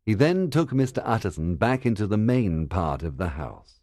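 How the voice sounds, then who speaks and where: A man narrating a story for English learners in a clear, measured reading style. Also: lowish voice, big pitch swings, darkish tone, no echo, studio quality.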